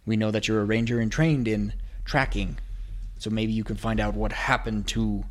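A man narrating a tabletop role-playing game as game master, in a casual, halting way with restarts. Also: on the low side, steady tone.

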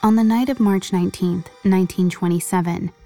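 A woman hosting a podcast, reading a scripted true-crime story in a measured, grave way. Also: medium pitch, steady tone, warm tone, soft background music. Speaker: podcast host and narrator.

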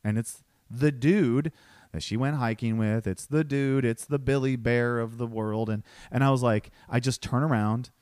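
A man tells a personal story in a loose, animated way, acting out every voice and swearing freely. His voice sits at an ordinary middle pitch. The recording is dry and close, with no room sound. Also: moderate pace, smooth, no room sound. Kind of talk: casual storytelling.

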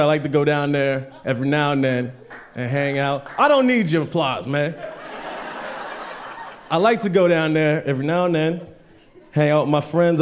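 A man doing a stand-up set in a comedy club, telling loose stories full of swearing and acting out the people in them. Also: on the high side. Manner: loose storytelling, swearing, acts out voices.

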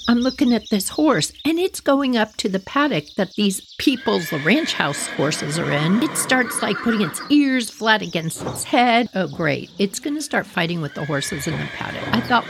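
Animated woman storyteller, noisy recording. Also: moderate pace, hardly any pauses. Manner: animated, laughing, jumps high for quoted voices. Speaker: podcast host. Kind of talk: storytelling monologue.

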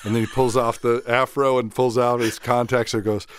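A man guest talking casually in an interview, telling animated stories, acting out quotes and laughing often. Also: medium pitch, a little fast, few pauses, slight background noise. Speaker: guest actor and director.

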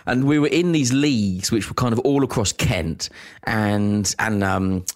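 A man's voice: lowish voice, unhurried. A man, chatting casually and telling stories on a podcast. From England. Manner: chatty, laughs often, tells stories. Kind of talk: casual chat.

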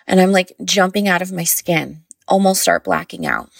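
A woman's voice: on the low side, very animated, moderate pace, gravelly, hardly any pauses, a bit bright, no echo, clean studio sound. A mother casually recounting a birth story, rambling and filling her speech with "like". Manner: rambling, heavy use of "like".

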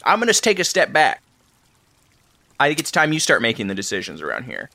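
A man playing a self-absorbed older country club owner, pompous and eccentric, stretching his words for effect. His strained, aged voice swings widely in pitch and has a bright, forceful edge, in an improvised comedy sketch. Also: wildly swooping pitch, gravelly, no echo, heavily acted. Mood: mock-sincere. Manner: pompous, self-absorbed, drawn-out emphatic delivery. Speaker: podcast co-host.

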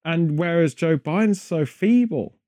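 A man's voice: on the high side, measured pace, mellow, dry recording, clean studio sound. A British man hosting a podcast, rambling through casual chat full of wry, absurd jokes. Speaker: podcast host.

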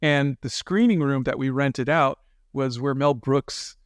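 A man guest in an interview, telling lively anecdotes in casual talk and acting out the people he quotes. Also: medium pitch, a little slow, smooth, dry recording, studio quality. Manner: animated anecdotes with quoted voices. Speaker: guest, animator and film director.

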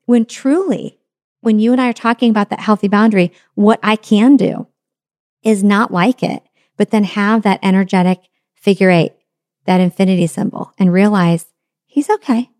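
A woman's voice: mid-range voice, moderate pace, darkish tone, no room sound, studio quality. A middle-aged woman giving an earnest self-help talk on letting go, with repeated phrases and rhetorical questions. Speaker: motivational speaker.

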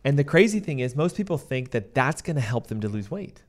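A man co-hosting a health podcast as a doctor, explaining at length in a steady, teaching manner. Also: mid-range voice, a little fast.

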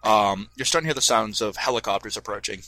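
A man narrates a tabletop game as its game master, wandering through his descriptions and correcting himself as he goes. His voice is bright and forward, recorded dry and close over a desk mic. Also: on the low side, quick pace, no echo. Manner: rambling, self-correcting, filler-heavy. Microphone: headphones and desk mic.

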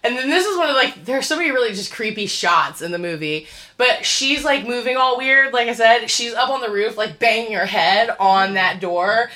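Woman, casual chat, animated storyteller, bright voice, fairly high pitch. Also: normal speed. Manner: animated storyteller, acts out scenes; swears casually, says "like" often. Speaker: podcast co-host recapping a film.

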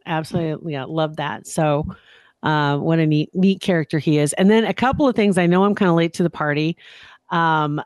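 A woman's voice: sits low, a little fast, darkish tone, clear, resonant tone, no room sound. A woman co-hosting a talk show in casual chat, chatty and self-deprecating, often restarting her sentences. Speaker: podcast co-host.

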